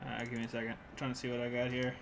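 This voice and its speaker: A man's voice: medium pitch, monotone, rapid-fire, a little hiss or hum. A man playing a tabletop game, chatting casually, laughing, swearing and joking. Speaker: player. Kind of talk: casual chat at a gaming table.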